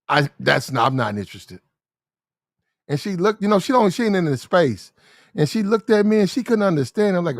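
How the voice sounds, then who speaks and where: Guy telling crude stories, acts out all the voices, kinda high pitched, dry sound. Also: brisk, no echo. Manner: profane, animated, acts out dialogue voices. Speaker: reaction video host. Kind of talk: casual storytelling rant.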